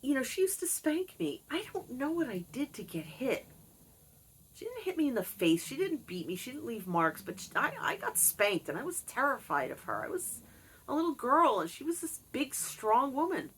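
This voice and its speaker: A woman's voice: sits high, sing-song, moderate pace, fairly bright tone, breathy edge. A middle-aged woman talking candidly to camera about her childhood and her pets, reflective and confiding. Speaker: vlogger. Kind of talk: candid personal monologue.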